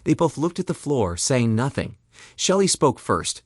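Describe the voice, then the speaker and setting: A man narrating a dramatic story in an expressive, scripted reading. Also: mid-range voice, a little slow, no echo, studio quality.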